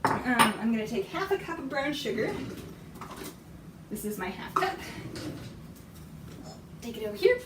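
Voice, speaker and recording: A woman with a hoarse, fading voice chats casually and rambles while she bakes on a live stream, often laughing. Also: fairly high pitch, big pitch swings, unhurried, pauses often, heavy background noise. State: hoarse, losing her voice. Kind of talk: casual chat while cooking. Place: home kitchen. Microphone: iPad microphone. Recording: roomy lo-fi tablet audio from a distance.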